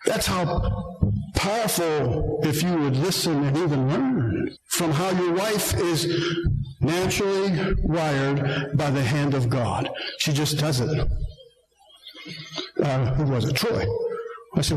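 An older man gives a sermon to a room of men, speaking in a slightly high voice. His delivery is earnest and conversational, full of self-deprecating stories. The sound is echoey, as if recorded in a reverberant room. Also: expressive, unhurried, faint music behind. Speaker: preacher.

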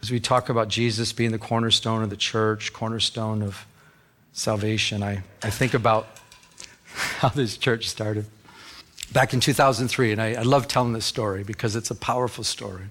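A middle-aged man, a pastor, preaching a sermon and telling a personal story in an earnest, animated way, often stumbling on "I". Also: on the low side, moderate pace.

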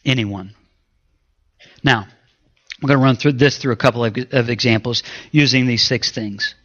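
Bright-voiced pastor preaching. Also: male voice, normal speed, muffled recording. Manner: swings from raised, urgent preaching to low, hushed asides; playful, acts out his own inner voice. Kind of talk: sermon.

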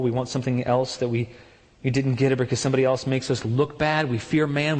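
A man preaching a sermon with emphatic delivery, rising high when he mimics people's excuses. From partly German heritage. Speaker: pastor. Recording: long hall reverb.

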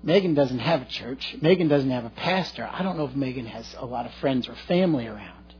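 A middle-aged male pastor preaching a sermon, telling a story earnestly and swinging between loud and hushed delivery. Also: medium pitch, lively intonation, a little fast, faint music behind. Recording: dull lo-fi recording.

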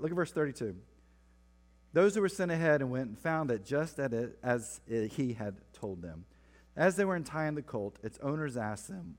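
A man's voice: mid-range voice, expressive, moderate pace. Man preaching in a reverberant hall. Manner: playful asides between scripture readings. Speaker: pastor. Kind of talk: sermon. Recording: long reverb of a large hall.

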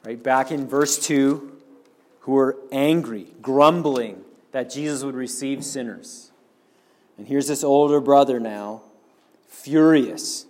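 A man's voice: medium pitch, slow pace, darkish tone. Earnest man preaching a sermon. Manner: earnest, explanatory, addresses the congregation directly.

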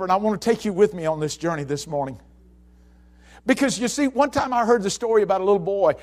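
A man preaching a sermon, telling stories and repeating phrases, swinging between hushed tones and shouting. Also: high voice. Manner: storytelling, repeats phrases for emphasis.

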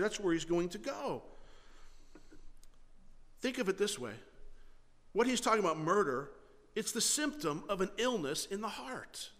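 A man's voice: high voice, sharp tone. A man preaching a sermon in an earnest way, often repeating and restarting his phrases and putting questions to his listeners. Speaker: pastor. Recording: long hall reverb.

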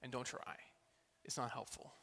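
A man preaching a sermon as pastor, earnest, moving between loud pleading passages and quiet, intimate ones. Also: normal speed. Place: church hall. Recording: long hall reverb.

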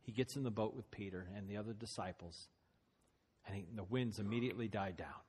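A man's voice: lowish voice, a little fast, a little mellow, slight background noise. A man preaching a sermon, retelling a story dramatically with voiced quotes.

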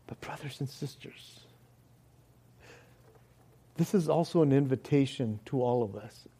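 Slow, earnest male preacher with a mellow voice. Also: medium pitch. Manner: slow, earnest preaching that drops to soft, hushed tones. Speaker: pastor. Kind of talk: sermon. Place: church hall.

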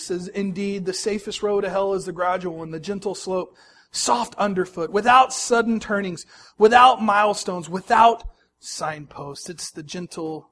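Male preacher, high-pitched, storytelling sermon with loud punches and quiet drops. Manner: storytelling, lively swings between loud emphasis and soft, low asides.

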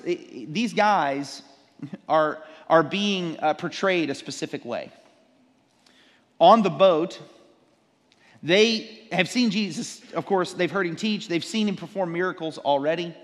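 Male pastor, lively sermon delivery, slightly high voice, long hall reverb. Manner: animated preaching, acts out disciples' sarcasm.

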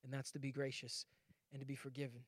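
A man's voice: mid-range voice, completely flat delivery, quick pace, no echo, studio quality. A man preaching a sermon as pastor, telling stories animatedly with acted voices and laughs.

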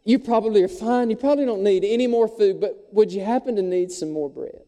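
A man's voice: high-pitched, warm tone, long reverb tail, voice pushed up. A man voicing a nervous male baker who hesitates and stumbles over his words. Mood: hesitant. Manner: hesitant, halting.

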